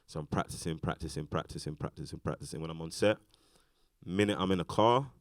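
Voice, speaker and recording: A British man with a very low voice talks fast and loosely, filling his sentences with fillers and restarts. He is a guest in a casual onstage conversation, and the sound is close and dry. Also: no room sound. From Britain. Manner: rambling, lots of fillers and restarts. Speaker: actor, interview guest. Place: festival stage talk.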